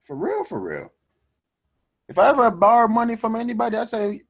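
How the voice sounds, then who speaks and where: A man hosting a personal finance show, talking to his audience in an energetic, preachy way and calling them guys. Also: very high voice, brisk, vocal fry, slightly rough. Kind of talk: energetic motivational money talk.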